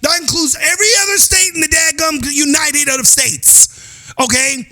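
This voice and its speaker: A man's voice: very high voice, moderate pace, bright, forceful tone. A man hosting a podcast, ranting in casual political commentary with a sing-song delivery and many "oh, yeah" asides. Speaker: podcast host.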